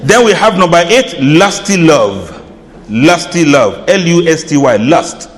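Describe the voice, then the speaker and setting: A man giving an informal religious lecture, chatty and often laughing, playing out reactions with soft drawn-out sighs. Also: a little high, lively intonation, in a large hall. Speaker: Islamic lecturer. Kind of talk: informal sermon.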